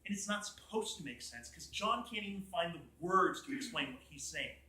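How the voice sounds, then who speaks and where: A young man leads a college Bible group in a casual, animated talk, acting out quotes and firing questions at the room. His voice sits high and bright, and the room around him rings with echo. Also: moderate pace. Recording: echoey room.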